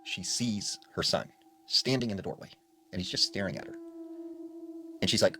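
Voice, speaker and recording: Lively low-voiced man telling ghost stories. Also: moderate pace, background noise. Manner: conversational, filler-heavy retelling with frequent "like". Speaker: storyteller. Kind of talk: casual spoken ghost story narration.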